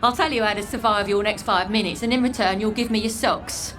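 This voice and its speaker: A woman's voice: medium pitch, steady tone, brisk, fairly bright tone, natural voice. An actress voicing a blunt, streetwise outcast young woman in a video game, with an English accent and a breezy, mocking way of giving advice. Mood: cheeky.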